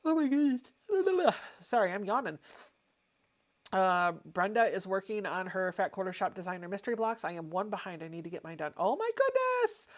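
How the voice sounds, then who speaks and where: A woman's voice: on the low side, fairly quick. A woman hosting a casual home livestream, chatting and reading viewer comments aloud. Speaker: livestream host.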